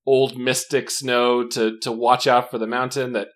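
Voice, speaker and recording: A man co-hosting a podcast, relaxed and a little hesitant as he recaps a story in casual chat. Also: medium pitch, measured pace. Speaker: podcast co-host.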